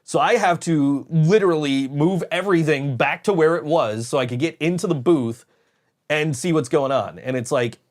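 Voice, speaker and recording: A man's voice: a little high, moderate pace. A man hosting a podcast, telling a rambling story in casual chat, swearing often and laughing as he goes. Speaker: podcast host.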